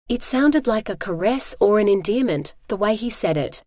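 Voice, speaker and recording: A woman's synthetic voice reading a first-person audiobook narration in an even, steady way. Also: mid-range voice, normal speed, hardly any pauses, no echo, studio quality.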